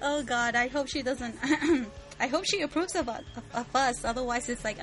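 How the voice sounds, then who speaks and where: A woman's voice: sits high, animated, takes it slowly, long pauses, fairly bright tone, soft background music. A woman co-hosting a fan podcast in casual chat, chatty and giggling often. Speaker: podcast co-host.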